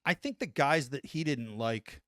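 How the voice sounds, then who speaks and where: A man in his forties, an army veteran guest on a podcast, telling an animated story and tagging lines with "right?". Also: mid-range voice, unhurried, no echo, clean studio sound. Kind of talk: casual storytelling anecdote.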